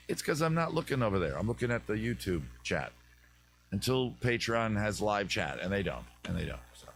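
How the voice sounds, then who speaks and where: Rambling, jokey man with a lowish voice. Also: fairly bright tone. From US East Coast. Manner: rambling, jokey, riffing on tangents. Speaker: host of a comedy advice live stream. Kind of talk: casual comedic live stream chat. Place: outdoors in a backyard by a fire.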